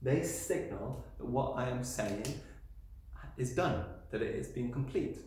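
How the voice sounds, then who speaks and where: A man's voice: mid-range voice, animated, measured pace, darkish tone, slight background noise. A male teacher talks through a video lesson in a very echoey classroom. His voice sits in the middle of the male range. He explains patiently, asking questions and answering them himself. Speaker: primary school teacher. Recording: very echoey room sound.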